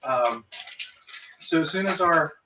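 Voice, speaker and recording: A man's voice: on the high side, expressive, takes it slowly, echoey room, far from the mic, highs cut off, noisy background. A man playing a tabletop game, chatting loosely with lots of um and restarts. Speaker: player. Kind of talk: casual tabletop game chat.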